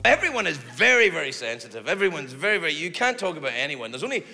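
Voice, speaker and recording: A man doing a stand-up comedy set, rambling and animated, swearing freely and shouting his punchlines. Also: a little high, very fast, over loud music. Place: theater stage before a large audience. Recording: live theater hall with loud crowd. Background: audience laughter and applause.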